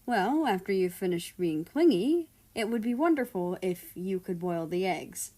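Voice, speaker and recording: A woman's voice: high voice, very animated, takes it slowly, a little mellow, pitched above the performer's own voice, heavily acted. A woman voicing a fussy, doting father who fusses over his grown son, speaking in a raised, fretful voice. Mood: teasing. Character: fussy doting father, middle-aged man, motherly.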